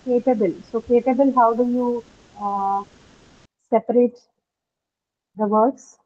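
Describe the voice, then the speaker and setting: A woman's voice: on the high side, fairly even intonation, slow pace, a little hiss or hum. Patient woman teacher over a tinny line. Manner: patient, questioning, often checks with "right?". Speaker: English teacher. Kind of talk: online class lecture on word stress. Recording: tinny phone-like call audio.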